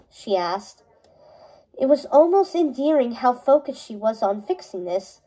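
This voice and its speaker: Woman narrator, high mellow voice, steady reading of a novel. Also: a little slow, rough recording. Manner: steady storytelling with small self-corrections. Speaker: reader.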